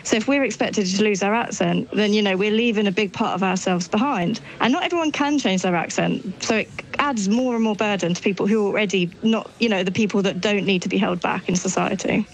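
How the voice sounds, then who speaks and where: A woman's voice: medium pitch, fairly quick, few pauses, poor audio. A woman speaking as a linguist guest, stating her opinion confidently and fluently. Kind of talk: expert discussion.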